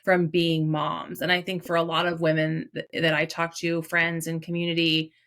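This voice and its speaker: A woman's voice: low voice, completely flat delivery, a bit bright. A woman hosting a podcast, affirming her guest and asking questions. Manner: affirming, quick back-channel responses. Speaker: podcast host. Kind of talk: candid podcast conversation.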